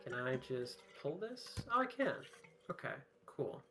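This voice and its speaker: A man acting as game master, narrating a tabletop game in a loose, halting way with lots of fillers. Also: medium pitch, big pitch swings, over music.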